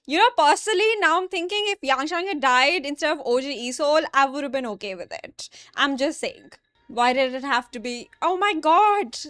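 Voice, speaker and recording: A young woman hosting an anime reaction in a high, bright-pitched voice. She talks casually and with exasperation straight to her viewers and swears now and then. The sound is dry and close, with no room echo. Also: lively intonation, moderate pace, faint music behind.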